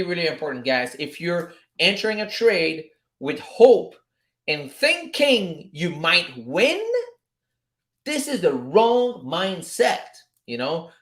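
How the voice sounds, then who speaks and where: A man hosts a casual trading live stream, giving animated, repetitive pep talks and swearing freely. His voice is fairly high.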